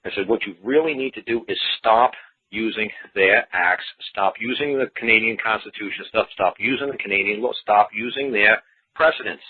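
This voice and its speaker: A man talks law in a loose, folksy way, circling back to repeat his points and acting out little exchanges. His voice is a bit husky. The sound is thin and tinny, like a phone line. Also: on the low side, normal speed. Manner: folksy, repetitive, acts out quoted exchanges. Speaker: common law lecturer. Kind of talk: casual teaching talk.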